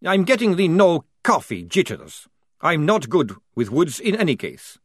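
A man voicing a nervous male vampire soldier who craves coffee, speaking in a complaining, drawn-out way. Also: on the high side, sing-song, breathy edge, no room sound, studio quality, voice pushed up, exaggerated voice. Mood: jittery.

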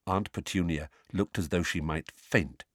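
A man narrating an audiobook in a dramatic, expressive reading. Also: deep voice, unhurried, no echo, clean studio sound.

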